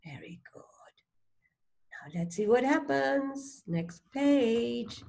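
A woman teaching a child to read, sounding out letters one by one and gently encouraging with prompts and questions. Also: on the high side, expressive, slow, gravelly. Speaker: reading teacher. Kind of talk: phonics read-along lesson for a child.

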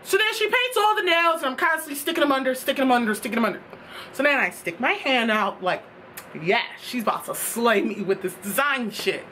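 A woman's voice: high-pitched, expressive, brisk, pushed and bright, slight background noise. A young woman telling a storytime tale in a casual, exasperated rant, swearing freely. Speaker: vlogger.

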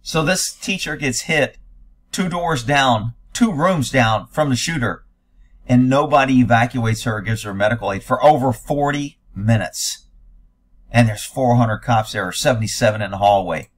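A man's voice: mid-range voice, moderate pace. A man giving blunt, sarcastic, profane commentary while reacting to news footage.

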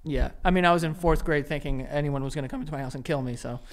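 A New man in his thirties trades stories on a podcast. He talks in an animated, loose way and swears casually. He laughs often between lines. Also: a little high, fast talker. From New York. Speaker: podcast co-host.

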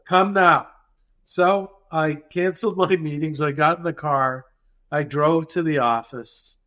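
During a podcast interview, a dental practice consultant retells an anecdote in an animated way, acting out the dialogue as he goes. His voice sits on the high side and he speaks unhurriedly.

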